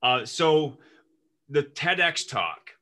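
A man's voice: on the high side, expressive, slow, bright, forceful tone. A man hosting an interview, asking attentive, encouraging questions. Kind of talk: podcast interview.

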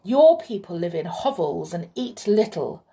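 A woman's voice: fairly low pitch, big pitch swings, a little slow, warm tone. A woman voicing a clever little male flute player who speaks firmly and lectures the king. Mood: scolding. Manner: firm and lecturing.

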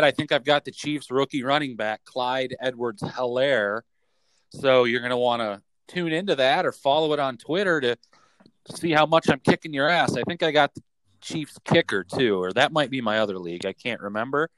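A young man hosting a casual podcast from his bedroom office, joking and reading lists rapid-fire. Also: medium pitch, a bit bright, clear, resonant tone, no echo, low-quality recording. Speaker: podcast host.

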